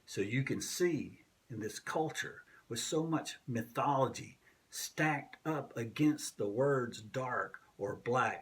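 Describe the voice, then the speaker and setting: A man who is a minister, preaching a sermon in a slow, measured way with long pauses. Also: mid-range voice, fairly bright tone. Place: church sanctuary.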